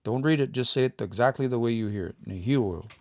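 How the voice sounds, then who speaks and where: A man teaching pronunciation on a livestream, repeating words slowly and coaching learners to say them out loud. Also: mid-range voice, no echo, studio quality. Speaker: language teacher.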